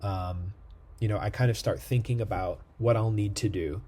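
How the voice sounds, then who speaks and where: A man's voice: fairly low pitch, steady tone, normal speed, warm tone. A man giving a recorded lecture in a conversational way, thinking aloud with fillers and checking in with "right?".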